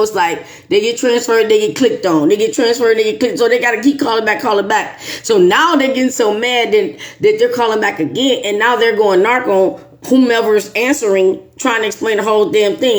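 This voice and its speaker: A woman, the host and a teacher, chatting casually with a guest as an animated, emphatic storyteller. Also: fairly high pitch, brisk.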